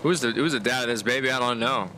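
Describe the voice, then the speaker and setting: A male game streamer chats through casual gameplay commentary in laid-back slang, often chuckling. His voice is mid-pitched and ordinary. A clear hum of background noise sits under his talk. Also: fast talker, pushed and bright.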